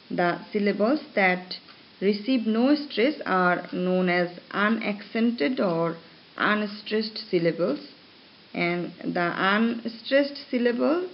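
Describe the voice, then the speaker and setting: A woman lecturer reading her notes aloud to students in a slow, measured way, pausing between phrases. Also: medium pitch. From Bangladesh. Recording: dull lo-fi recording with faint hiss.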